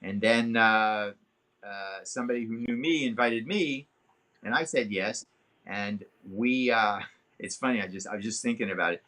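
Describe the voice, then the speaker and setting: A man in his seventies, a guest telling a long, animated story in an interview, swearing freely. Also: moderate pace. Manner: animated, swearing, acts out quotes with big pitch jumps. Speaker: guest actor. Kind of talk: anecdotal storytelling in a podcast interview.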